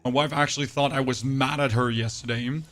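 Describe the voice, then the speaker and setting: A man streaming a game live, chatting with his viewers in a hoarse, nearly lost voice and speaking in a very flat monotone, often ending thoughts with "right?". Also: medium pitch, brisk. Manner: talks to chat with frequent "right?". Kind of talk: casual live-stream chat while playing.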